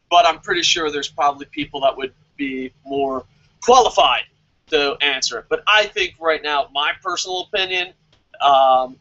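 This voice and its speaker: A man hosting a wrestling question-and-answer vlog, talking in an animated, sarcastic way and swearing freely. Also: on the high side, dull audio. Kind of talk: casual opinionated commentary.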